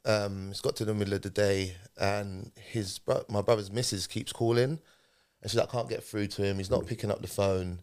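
A man speaks in a fairly low voice, recounting a personal story as a guest on a talk show. He retells events in a conversational way and voices the lines of the people in his story. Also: normal speed. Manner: animated retelling, acting out quoted speech. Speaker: podcast guest.

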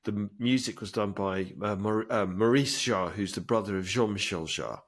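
A man's voice: fairly low pitch, normal speed. A man chatting casually as a podcast co-host, eagerly retelling a movie scene in detail. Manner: enthusiastic storytelling, acts out film lines. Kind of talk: casual chat.

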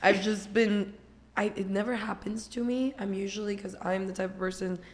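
A woman with a French accent and a raspy voice, chatting casually as a guest and laughing often. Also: mid-range voice, fairly even intonation, moderate pace. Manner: chatty, laughs often, trails off mid-sentence. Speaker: interview guest. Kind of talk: casual chat.

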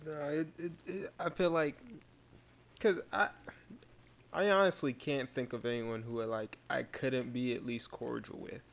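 A young man with a gravelly, creaky voice chatting casually. He sounds laid-back and teasing, and laughs easily. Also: medium pitch, steady tone, unhurried. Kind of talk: casual chat.

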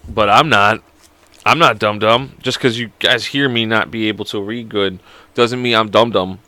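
A man's voice: fairly low pitch, steady tone, normal speed, pushed and bright, no room sound. A young man hosting a casual solo podcast, joking around, rambling and swearing a lot. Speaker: podcast host.

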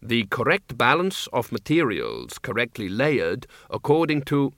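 A man puts on an earnest male dwarf gardener for an audiobook, slow and rambling. The voice is bright. The sound is dry and close. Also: medium pitch, sing-song, no echo.

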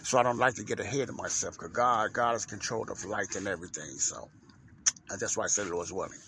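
A man's voice: lowish voice, fairly quick, bright, forceful tone, a little hiss or hum. Rambling folksy man hosting a podcast. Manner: rambling and repetitive, with many fillers and restarts; folksy and religious, often saying "Lord's willing". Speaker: podcast host and minister. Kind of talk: casual podcast monologue. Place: inside a parked truck at his workplace.

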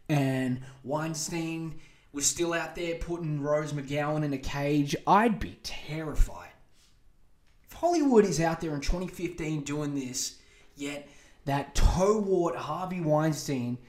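A man hosting a podcast, telling a rambling, profane story in a casual, animated way. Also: a little high, roomy sound. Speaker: podcast host.

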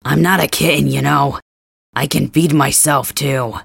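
A man voicing a gruff, teasing young male cat hybrid in an ASMR role-play, grumbling and blunt, with a gravelly, husky voice, close to the mic. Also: on the high side, fairly even intonation, a little slow, fairly bright tone, dry recording, full character voice.

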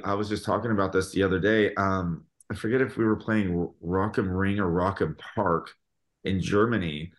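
A man, a guest musician on a podcast, telling stories in an animated, casual way, with lots of filler words. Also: lowish voice. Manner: animated storytelling, full of fillers.

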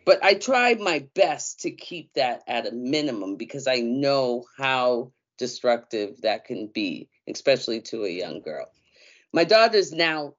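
A woman chats casually on a podcast. She tells her story with slang, animated swings and plenty of fillers. The sound is a bit dull and lo-fi. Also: rumbling low. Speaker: co-host.

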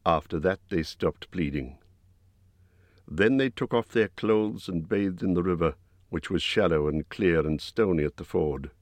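Low-voiced man narrating a storybook. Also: dry recording. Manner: steady, measured reading. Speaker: audiobook narrator. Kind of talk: scripted narration.

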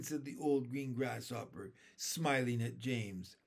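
A man reading a children's storybook aloud, expressive and unhurried. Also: mid-range voice, vocal fry. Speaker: narrator.

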